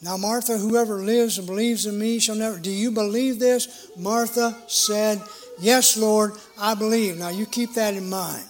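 A middle-aged man preaching a sermon in an earnest, emphatic way, with a measured delivery. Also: high voice, steady tone, faint music behind.

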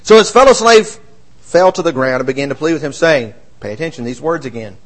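A man preaching a sermon, reading scripture aloud and explaining it, swinging between raised emphasis and quiet asides. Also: fairly high pitch, lively intonation, quick pace, rough recording.

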